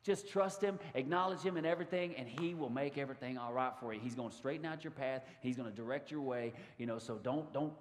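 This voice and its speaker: A man preaching a sermon to his congregation, animated and given to sudden loud outbursts. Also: medium pitch, quick pace, hardly any pauses, slight background noise. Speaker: pastor. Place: church sanctuary. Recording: long hall reverb.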